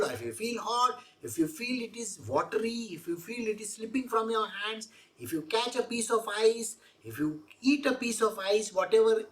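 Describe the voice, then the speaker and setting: A woman explaining scripture verse by verse as a spiritual teacher, repeating her points and asking rhetorical questions. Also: a little high. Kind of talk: scripture exposition talk.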